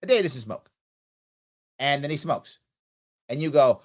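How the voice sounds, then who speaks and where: An American man hosts a live political show and lectures his viewers with real conviction. His pitch rises and falls sharply as he acts out imagined conversations, and he hammers each point home. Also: a little slow, pauses often. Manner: animated, emphatic, acts out both sides of arguments. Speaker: political talk show host. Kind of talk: impassioned livestream monologue.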